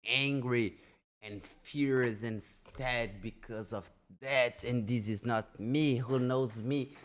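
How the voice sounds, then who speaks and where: A Brazilian man with a Portuguese accent, reacting to a video in casual commentary, excitable, stammering and repeating words, swearing now and then. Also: medium pitch, takes it slowly. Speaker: reaction streamer.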